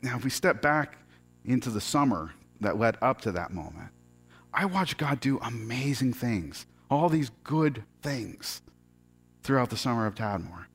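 A middle-aged man telling a personal story as a sermon, earnest and halting, often restarting his words. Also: mid-range voice, big pitch swings, a bit bright, husky.

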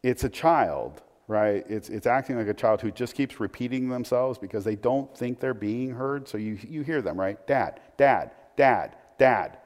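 A man's voice: mid-range voice, normal speed, hardly any pauses, a little mellow. Man preaching in a reverberant hall. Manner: conversational, with frequent restarts and asides. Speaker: pastor. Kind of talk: sermon.

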